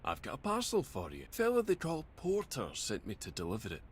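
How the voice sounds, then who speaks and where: An actor playing a cheery, polite parcel courier with a light Scottish accent in a game. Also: male voice, mid-range voice, huge pitch swings, brisk.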